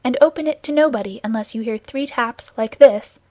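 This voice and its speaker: A woman's voice: on the high side, brisk, darkish tone, dry recording, lightly acted. Woman reading gallant young guardsman. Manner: earnest, reassuring, commanding. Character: brave young male guardsman, earnest and gallant.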